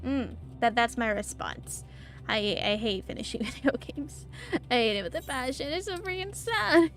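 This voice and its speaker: A woman's voice: fairly high pitch, animated, moderate pace, fairly bright tone, soft background music. Emotive woman streamer reacting. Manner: emotive, exclamatory, stammering. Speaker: gaming streamer. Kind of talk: let's play commentary.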